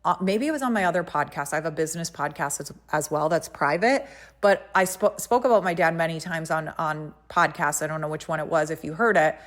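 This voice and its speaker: Brief: woman podcast host, lower-pitched voice, fired-up casual storytelling, speaks right to the audience. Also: a little fast, a bit bright. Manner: emphatic, indignant, talks to listeners directly.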